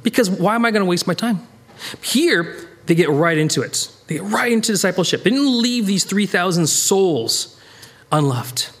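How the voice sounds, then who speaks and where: American guy teaching bible study, kinda high voice, rambly, lots of restarts and excited bursts. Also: moderate pace, husky. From United States. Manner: animated, rambling, self-interrupting, jumps in pitch for emphasis.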